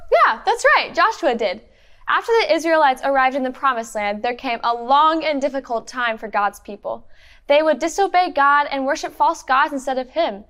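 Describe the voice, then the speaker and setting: Woman, high voice, clear encouraging teacher, interactive storytelling for children. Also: expressive, normal speed, fairly bright tone. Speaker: children's Bible lesson leader. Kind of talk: interactive Bible storytelling for kids.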